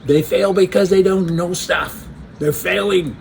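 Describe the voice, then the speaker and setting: A man's voice: sits high, fairly even intonation, measured pace, vocal fry, slight background noise. A man giving an opinionated, casual commentary monologue, telling jokes with sarcastic asides and chuckles.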